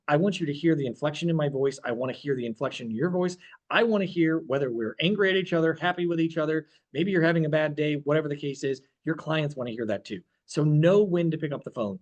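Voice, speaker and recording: A man speaking as a real estate broker, giving a direct, plain-spoken training talk to agents. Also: medium pitch.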